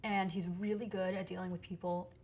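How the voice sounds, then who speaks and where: A woman singer-songwriter chatting as an interview guest, lively and quick to laugh, recorded in a theater. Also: fairly low pitch. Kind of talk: casual interview chat. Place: theater stage.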